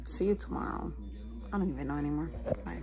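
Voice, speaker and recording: A woman's voice: deep voice, quick pace, rough recording. A young woman vlogging about feeling stressed, talking casually to the camera with lots of fillers like "like" and "you know what I mean". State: stressed and low. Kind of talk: casual confessional vlog.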